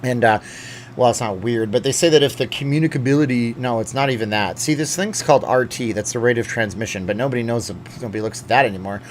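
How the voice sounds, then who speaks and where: A Canadian man hosts a casual live stream, rambling and cracking jokes as he reads out viewer chats. His voice is mid-range and fast, with slight background noise behind it.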